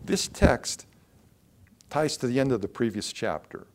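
A pastor delivers a sermon in an easy, conversational manner. His voice sits at a middling pitch, and he often turns to the congregation with questions and quick acted-out lines. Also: animated. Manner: conversational preaching with rhetorical questions and acted-out quotes.

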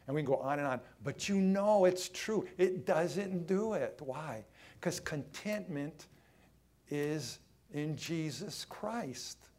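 A man preaching a sermon, emphatic, swinging between loud lines and hushed ones, drawing some phrases out. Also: a little high, lively intonation, slow pace. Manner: acts out quoted voices in his own voice.

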